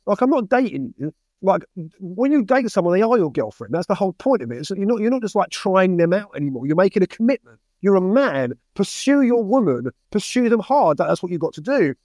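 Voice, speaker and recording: A man's voice: sits high, sing-song, brisk, darkish tone, no echo. A young man talking as a podcast guest, giving blunt, heated advice in casual conversation.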